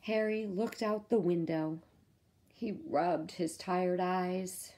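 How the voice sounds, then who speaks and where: Woman reading a kids' bedtime story, gentle teacher manner, unhurried, warm dark tone. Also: fairly low pitch, slight background noise. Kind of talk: children's read-aloud.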